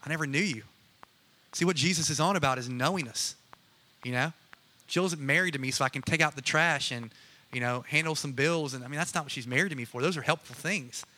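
A man's voice: a little high, fast, bright, forceful tone. A man preaching a casual, conversational sermon, chatty and joking with many asides. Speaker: pastor.

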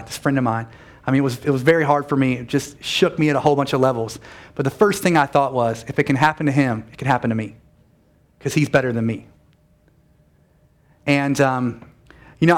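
A man preaching a sermon to his church, his voice sitting a touch higher than most men's. He talks in a conversational, animated way, catching himself mid-sentence and tossing in quick asides. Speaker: pastor.

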